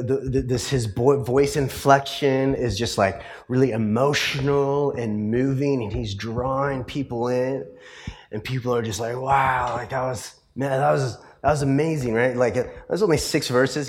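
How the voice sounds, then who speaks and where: A male pastor preaching a sermon in a conversational storytelling way, full of fillers and tag questions. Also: mid-range voice. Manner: rises to passionate emphasis in the closing points.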